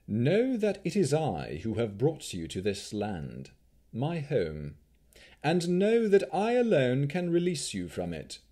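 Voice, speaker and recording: A man's voice: medium pitch, warm tone, husky, full character voice. A man voicing a commanding aristocratic male vampire count in a formal, ominous way.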